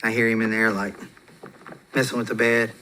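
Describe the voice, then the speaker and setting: A man's voice: fairly low pitch, flat delivery, normal speed, pushed and bright, a little hiss or hum. A man telling personal stories as a podcast guest in a casual, rambling way, with fillers and restarts. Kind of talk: casual storytelling.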